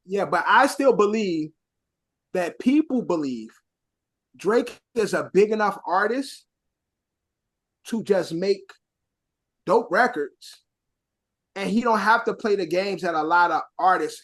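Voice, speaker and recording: Animated man from Chicago, casual podcast banter. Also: high voice, measured pace, long pauses. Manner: animated, swings into loud mock voices. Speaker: podcast co-host. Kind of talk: casual chat.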